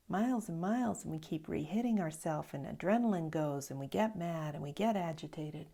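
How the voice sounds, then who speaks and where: A middle-aged woman meditation teacher giving an evening talk, telling stories slowly and reflectively, with soft hushed asides. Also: fairly low pitch.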